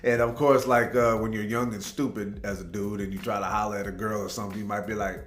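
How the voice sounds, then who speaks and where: A man's voice: lowish voice, fairly even intonation, fast. Laid-back man in a roomy space. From Tacoma, Washington, USA. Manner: laid-back, rambling, peppers talk with "man". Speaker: reaction video host. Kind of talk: casual storytelling commentary. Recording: roomy echo with faint background music.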